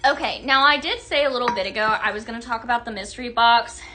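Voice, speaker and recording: A woman's voice: fairly high pitch, fast talker, sharp tone, slight background noise. A woman hosting a live shopping stream, gushing over products and reading out viewer comments in a bubbly, chatty way. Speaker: live-selling host.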